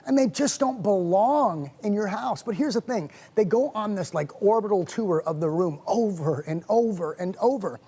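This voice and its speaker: A man hosting a wellness show, telling a story about his morning in a casual, animated and self-mocking way. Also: sits high.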